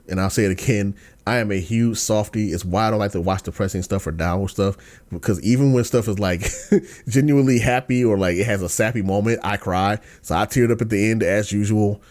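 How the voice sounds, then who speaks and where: A man hosting a podcast in casual chat, slangy and ranting, dropping to low mumbles and then bursting into excited outbursts. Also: a little fast. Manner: slangy, lots of fillers and restarts. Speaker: podcast host.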